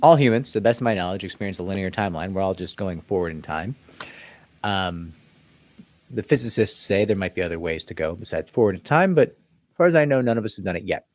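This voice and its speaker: A man's voice: low voice, lively intonation, fast talker. A man, an employment attorney, casually answering viewer questions on a livestream in a loose, conversational way. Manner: conversational, loose, with frequent "like" and "right?"; reads viewer comments aloud, then answers them. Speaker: employment attorney hosting a live Q&A.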